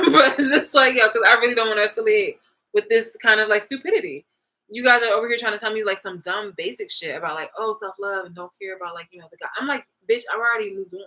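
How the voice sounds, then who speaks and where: A woman ranting casually to her viewers, blunt and profane, laughing often and swinging between loud and low. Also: fast, poor audio. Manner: laughs often mid-rant. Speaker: vlogger. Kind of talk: casual rant to camera.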